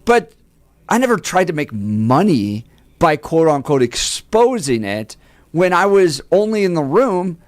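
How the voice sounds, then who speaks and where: A man co-hosting a talk radio show, talking in a measured way and thinking aloud with small restarts. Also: on the high side, big pitch swings, no echo.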